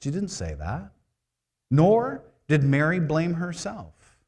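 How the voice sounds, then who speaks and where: A man's voice: a little high, huge pitch swings, slow pace, a little mellow, slightly rough. Conversational male preacher. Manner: conversational, rhetorical questions. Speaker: preaching minister. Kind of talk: sermon.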